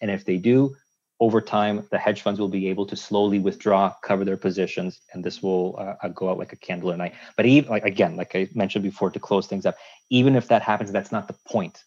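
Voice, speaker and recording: A man from Canada, a lawyer guest on a podcast, building long measured points with analogies and restarts. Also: low-pitched, steady tone, darkish tone. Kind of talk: casual conversational interview. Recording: dull lo-fi sound.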